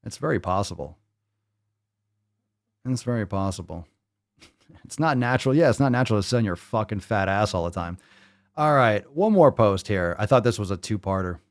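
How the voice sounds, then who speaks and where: A man's voice: on the low side, lively intonation, normal speed, pauses often, dry recording, studio quality. A man hosting a podcast in casual chat, reading posts aloud and rebutting them in a blunt, profane, mocking way. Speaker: podcast host.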